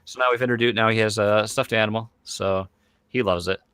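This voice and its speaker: A man in his thirties with a low, bright, forceful voice, chatting casually as a podcast host. He rambles along, stuffing his talk with fillers. The sound is dry and close, with no room around it. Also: steady tone, fairly quick, clean tone, dry recording. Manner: rambling, full of fillers like "like" and "you know". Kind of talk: casual chat.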